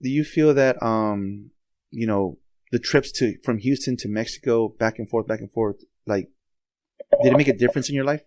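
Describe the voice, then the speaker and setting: A man hosting a podcast interview, asking relaxed questions with plenty of "um"s. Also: medium pitch, normal speed, no room sound, studio quality. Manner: relaxed, hesitant questions with many "um"s. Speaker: podcast host. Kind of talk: casual interview.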